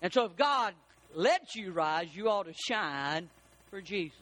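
A man preaching a sermon as pastor, animated and rising to shouts for emphasis. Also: sits high, unhurried.

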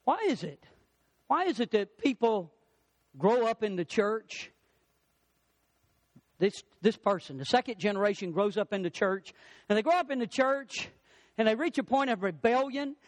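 A middle-aged male pastor preaching a sermon, swinging his pitch and pace for emphasis. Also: animated, moderate pace, long pauses, no room sound.

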